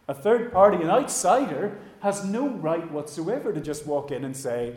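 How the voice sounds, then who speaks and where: A man preaches a sermon, bright and animated. He acts out quoted voices and then sinks to a near hush at the close of his thoughts. His fairly high voice rings around an echoey church room. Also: moderate pace, hardly any pauses. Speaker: pastor.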